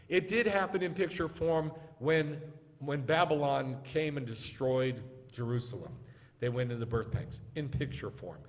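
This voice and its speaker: A rabbi teaching scripture to his congregation, pressing them with repeated questions and urging them to answer aloud. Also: mid-range voice. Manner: drilling call-and-response, urging listeners to answer aloud. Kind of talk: interactive scripture lesson. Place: congregation meeting hall. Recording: long reverb of a large room.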